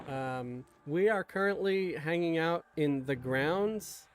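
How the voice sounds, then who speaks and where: A man's voice: on the high side, slow, hardly any pauses. A man from Queens chatting casually while playing an online game, rambling and self-deprecating. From Queens, New York. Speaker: gamer streamer. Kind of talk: casual chat while gaming.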